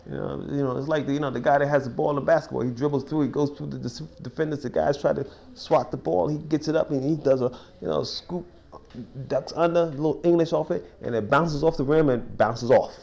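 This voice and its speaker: A man's voice: fairly high pitch, fairly quick, creaky, dull audio. A man leading an informal verse-by-verse Bible study in a small cafe, folksy and conversational, with frequent restarts and you-knows. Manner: informal, folksy, builds to excited sports stories.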